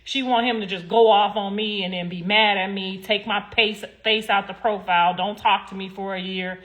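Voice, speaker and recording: A woman's voice: medium pitch, fairly even intonation, normal speed, lo-fi sound. Heated, blunt woman ranting on a livestream. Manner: heated, blunt, swears freely, swings loud and quiet. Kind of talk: casual livestream rant.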